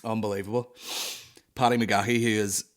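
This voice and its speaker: A man's voice: on the low side, normal speed. Northern irish lad ranting on his comedy podcast, loads of swearing, jumps between bits and voices. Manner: sweary, rambling, excitable storytelling with put-on voices. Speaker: podcast host. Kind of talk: casual comedy monologue.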